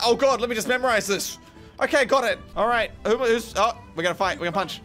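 Gaming host, young man, high-pitched and animated, joking commentary over soft game music. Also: fast. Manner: excitable, joking, talks to the game. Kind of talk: let's play commentary.

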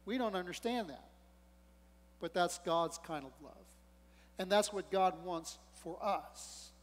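A man with a high, bright voice preaches to his congregation, swelling to loud emphasis and dropping into asides. The sound rings with a long reverb off the walls of a church sanctuary. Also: a little slow. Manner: preaching with rising emphasis and humor, acting out quotes. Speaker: pastor. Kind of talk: sermon.

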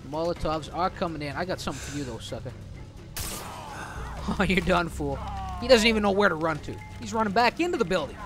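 A man's voice: sits high, expressive, fast talker, music in the background. A man commenting on his own gameplay in a chatty, joking way, laughing often. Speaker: let's play host.

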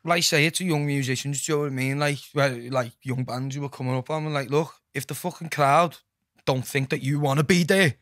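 A young man with a Liverpool accent, a musician chatting casually on a podcast, sweary and animated. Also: a little high, no echo, clean studio sound. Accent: Liverpool (Scouse). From Liverpool, England. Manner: fast, sweary, animated storytelling. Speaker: musician guest. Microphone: studio mic.

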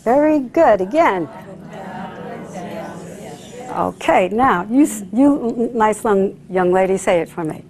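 A woman's voice: medium pitch, expressive, slow pace, pauses often, a crowd in the background. A woman hypnotist leading a live stage demonstration, coaxing volunteers with sing-song repeated phrases. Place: room with a live audience.

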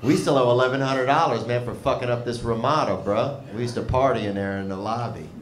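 A fast-talking comic with a mid-range voice works a comedy club stage, spinning a loose, unhurried-sounding ramble in a Southern drawl and slang. The live audience laughs throughout the roomy room.

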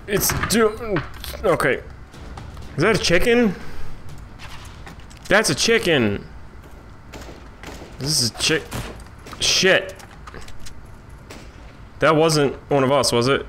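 Bright-voiced young man gaming. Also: mid-range voice, slow, long pauses, slight background noise. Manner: excitable, swearing, self-mocking. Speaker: gamer. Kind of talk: let's play commentary.

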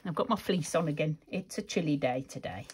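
A woman's voice: low voice, lively intonation, brisk, a little mellow, slightly rough. A woman chatting casually through a craft tutorial, rambling and laughing often as she works. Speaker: craft vlogger.

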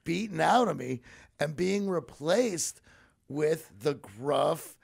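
A man in his forties from Pittsburgh with a heavily gravelly, fry-laden voice sitting a touch high. He is a podcast guest, telling personal stories in an earnest, reflective way with plenty of asides. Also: animated, slow. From Pittsburgh, USA. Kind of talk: conversational storytelling.

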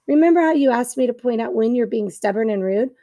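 A woman voicing a brisk, practical female beaver who scolds her husband and speaks plainly, in a storybook. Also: fairly high pitch, expressive, warm tone.

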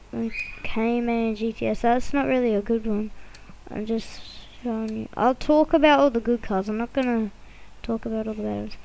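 A woman's voice: a little high, gravelly, darkish tone, poor audio. Chatty woman rambling over gameplay. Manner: rambling, chatty, many fillers and restarts. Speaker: gameplay video creator. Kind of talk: casual gameplay commentary.

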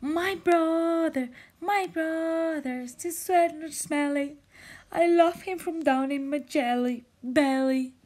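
A woman's voice: slow, heavily acted. A woman doing a pleading little jellyfish boy. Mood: shouting. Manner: high, pleading, excited cries. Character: anxious little jellyfish boy searching for brother. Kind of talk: storybook reading.

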